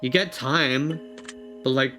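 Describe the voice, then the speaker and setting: A man streaming casually, reading quiz questions aloud and thinking out loud in a rambling, often laughing way. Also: medium pitch, takes it slowly, soft background music.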